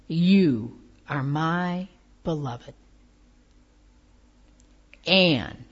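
A woman preaching a sermon, reading slowly with soft, tender emphasis. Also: fairly low pitch. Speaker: pastor. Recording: dull lo-fi sound.

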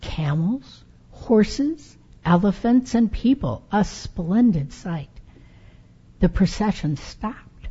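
Slow, lively storytelling woman. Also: medium pitch, breathy edge. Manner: slow, animated and dramatic. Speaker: storyteller in a sermon. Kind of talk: expressive read-aloud storytelling. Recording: dull lo-fi recording.

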